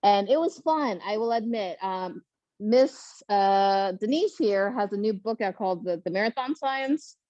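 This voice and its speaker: A woman on a panel telling a lively, laughing story about her first marathon and acting out what people said. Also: mid-range voice, a little slow, no echo. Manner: animated, laughing, acts out quotes. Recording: muffled lo-fi sound.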